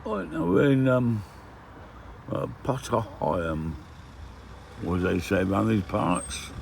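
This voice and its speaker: A man's voice: fairly low pitch, very animated, takes it slowly, creaky, a little hiss or hum. An older man chatting casually through a travel vlog, with grumbling asides tagged "eh?", filmed on a handheld camera outdoors and from his van. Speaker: van life vlogger. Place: outdoors and in a van, touring villages.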